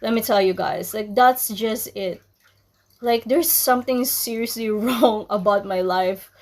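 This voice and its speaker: A woman's voice: medium pitch, measured pace, darkish tone. A young woman from the Philippines telling a personal story to her viewers, candid and chatty, full of ums and likes. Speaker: vlogger. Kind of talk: casual storytelling to camera.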